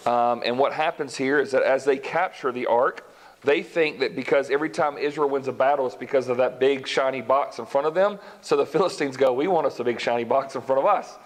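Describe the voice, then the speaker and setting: Guy preaching in church, storytelling, does little voices for the characters. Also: mid-range voice. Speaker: pastor. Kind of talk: sermon.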